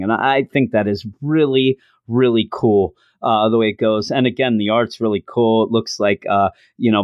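A man's voice: medium pitch, no echo, studio quality. A middle-aged man casually reviewing a comic book, enthusiastic and rambling with frequent restarts.

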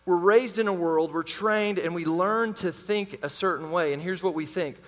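A man with a high voice preaches a sermon to his congregation. He keeps it animated and calls out to the listeners. A long reverb from the church hall trails his words. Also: normal speed. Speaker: pastor.

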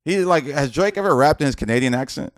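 A man's voice: fairly high pitch, lively intonation, fast talker, no echo, studio quality. A man co-hosting a podcast, talking casually and opinionatedly, rambling and hedging with "I don't know.". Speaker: podcast co-host. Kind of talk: casual debate chat.

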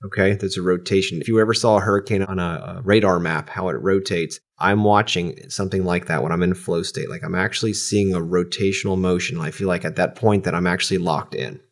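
A man hosting a podcast, talking calmly and reflectively, rambling a little as he explains his meditation. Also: sits low, fairly quick, few pauses. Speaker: podcast host. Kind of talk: casual podcast chat.

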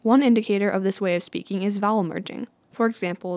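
A woman's voice: mid-range voice, steady tone, quick pace, darkish tone, no echo. A woman hosting a casual educational talk, chatty and carefully enunciated, often laughing at her own jokes. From United States. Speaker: host.

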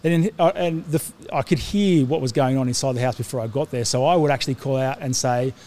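A man's voice: medium pitch, a little fast, a little mellow. A middle-aged man preaching a sermon to his congregation, earnest, often restarting his sentences with fillers. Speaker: pastor.

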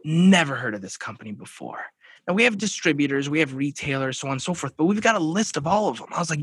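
A man talks casually as a guest on a podcast, and he turns his stories into little scenes by acting out the dialogue. His voice is bright and forceful. It sits a little high, and the sound is dry and close. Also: quick pace, slightly rough, dry recording. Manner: animated storyteller who acts out dialogue. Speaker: podcast guest, children's book publisher.

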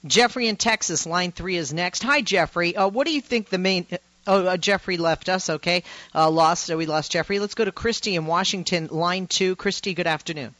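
A woman's voice: on the low side, brisk, hardly any pauses, fairly bright tone, no echo. A woman hosting a call-in radio show, talking earnestly with many restarts and agreeing with her callers. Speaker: radio talk show host. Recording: dull radio broadcast sound, dry.

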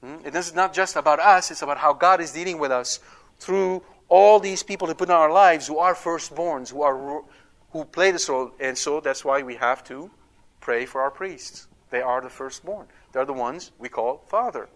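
A man teaching a Bible study, talking conversationally, asking his listeners questions and slowing down to stress key words. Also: fairly high pitch, a bit bright. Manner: emphatic, slows to stress words.

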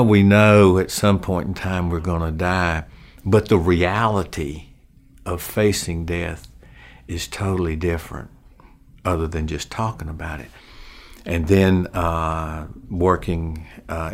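An older man speaks in a low, deep voice at an unhurried pace. He shares a personal faith testimony in an earnest, reflective way. As he goes on, his voice turns soft and quiet. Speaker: funeral home worker.

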